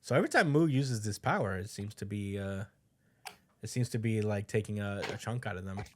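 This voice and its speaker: A man's voice: on the low side, fairly quick. A man co-hosting a podcast, casually recapping a comic chapter, rambling with lots of fillers and acting out the characters' lines. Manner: rambling, many fillers, acts out quotes. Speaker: podcast co-host.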